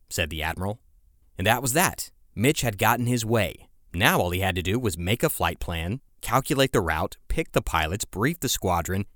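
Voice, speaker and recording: Low-voiced man narrating history, dry sound. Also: fairly bright tone, no room sound. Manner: conversational storytelling with casual asides. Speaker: podcast host.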